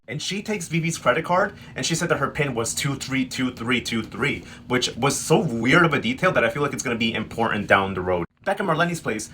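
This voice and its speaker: Fast, sassy man recapping. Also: mid-range voice, bright, forceful tone, slight background noise. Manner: sassy, slangy, quotes characters in quick put-on lines. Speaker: recap host. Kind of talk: casual comedic recap narration.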